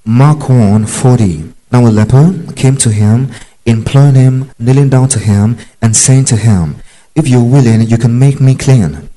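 A man's voice: mid-range voice, measured pace, mellow, poor audio. A man preaching a Bible teaching, emphatic and repetitive, checking in with his listeners. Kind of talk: sermon-style Bible teaching.

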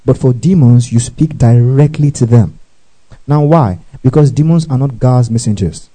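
Male preacher mid-sermon; drives call-and-response and climbs to loud, high exclamations. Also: moderate pace, poor audio. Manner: call-and-response, urging the congregation to repeat after him.

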